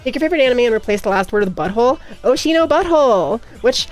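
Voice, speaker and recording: A woman's voice: on the high side, animated, quick pace, soft background music. A woman chatting casually on a livestream, giggly and playful. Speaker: streamer.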